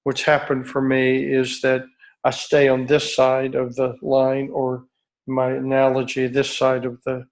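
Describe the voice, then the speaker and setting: A middle-aged man leading a retreat group, speaking slowly and earnestly in a reflective talk with searching pauses and restarts. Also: medium pitch, completely flat delivery, rough recording. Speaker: retreat leader. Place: outdoor retreat by a beach.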